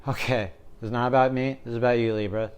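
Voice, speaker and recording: Casual male tarot reader, young, smooth resonant voice, jokey and digressive. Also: medium pitch, steady tone, fast. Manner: joking, rambling, keeps asking "right?".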